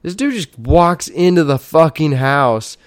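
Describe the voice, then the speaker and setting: A man's voice: fairly high pitch, expressive, measured pace, no room sound, studio quality. A young man telling a story in a casual, rambling way, swearing often and restarting his sentences.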